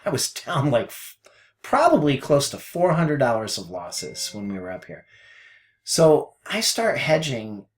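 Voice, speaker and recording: Animated rambling man trading mentor. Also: medium pitch. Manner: rambling, self-deprecating, animated swings between mutters and outbursts; mild cursing, folksy phrases. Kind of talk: casual screen-share trading commentary.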